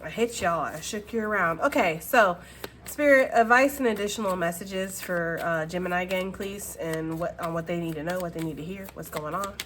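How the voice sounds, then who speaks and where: A woman's voice: fairly low pitch, moderate pace, a bit bright, a little hiss or hum. A woman talking through a casual tarot card reading at home in a chatty way. She laughs often and repeats phrases. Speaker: tarot reader.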